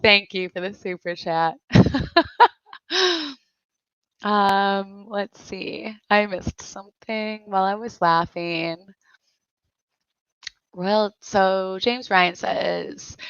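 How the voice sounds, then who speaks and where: A woman's voice: mid-range voice, vocal fry, fairly bright tone, smooth, dry recording. A woman hosting a casual livestream chat, laughing often as she reads out viewer messages. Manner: giggly, laughs often while reading chat; slow, unhurried speech. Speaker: livestream host. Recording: dry, slightly dull lo-fi sound.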